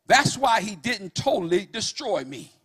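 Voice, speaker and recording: A man preaching a fervent sermon in a church, swinging from loud calls to hushed storytelling. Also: sits high, very animated, unhurried, husky. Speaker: pastor.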